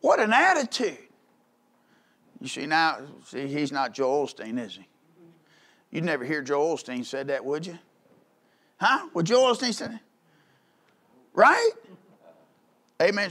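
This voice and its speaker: A man preaching a sermon in a church, with folksy, conversational delivery full of rhetorical questions, building to loud calls. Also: a little high, big pitch swings, unhurried, long pauses. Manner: rises to loud calls in the climaxes. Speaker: pastor.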